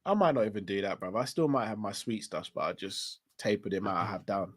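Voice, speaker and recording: A man's voice: on the low side, expressive, fairly quick, breathy edge. A man co-hosting a live stream, chatting in a laid-back way and laughing often. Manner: laid-back, laughs often, says bruv and innit a lot. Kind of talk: casual chat with viewers.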